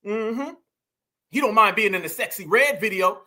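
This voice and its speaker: A man's voice: high voice, expressive, moderate pace, bright, forceful tone. A man hosting an opinionated commentary stream, emphatic and preachy, calling out to his viewers. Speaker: commentary host.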